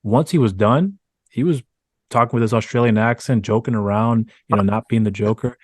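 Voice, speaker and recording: A man's voice: medium pitch, a little fast, a little mellow, husky, dry recording, clean studio sound. A man hosting a podcast interview, asking long winding questions with many restarts. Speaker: podcast host. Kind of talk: casual interview chat.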